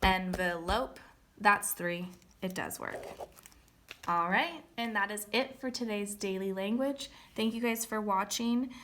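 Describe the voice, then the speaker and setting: A woman's voice: mid-range voice, measured pace, pushed and bright, a little hiss or hum. A young woman teaching a recorded grammar lesson, patiently explaining step by step and checking in with "okay?".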